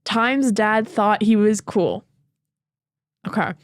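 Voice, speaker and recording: A woman's voice: medium pitch, slow pace, no room sound. Casting: teen girl guest on a podcast, giggly and rambling, dry close sound. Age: teens. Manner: giggly, rambling with many likes and ums. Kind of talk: casual chat.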